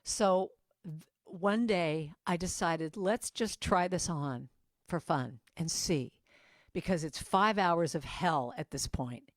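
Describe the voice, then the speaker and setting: A woman giving a lively storytelling message at a church service, acting out the voices of people in her story. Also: lowish voice, no room sound, studio quality. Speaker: guest musician and speaker. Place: church sanctuary.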